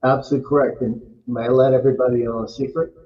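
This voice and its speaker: A man's voice: mid-range voice, flat delivery. Emphatic man from Massachusetts, dull sound. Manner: emphatic, quick agreements. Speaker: real estate agent, co-host. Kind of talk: casual chat.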